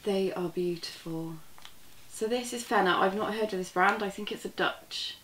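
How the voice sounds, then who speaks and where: A woman chatting excitedly in a casual vlog, gushing as she unboxes a parcel, a little away from the camera. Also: medium pitch, normal speed, echoey room, slight background noise. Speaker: crochet vlogger. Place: indoor room at a table. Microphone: camera set back from her.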